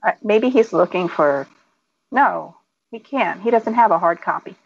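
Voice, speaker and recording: A woman's voice: mid-range voice, measured pace, gravelly, slightly rough, no room sound, dull audio. A middle-aged woman, a guest author, chatting casually and telling stories with frequent laughter. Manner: laughs often, animated storytelling. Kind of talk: casual chat.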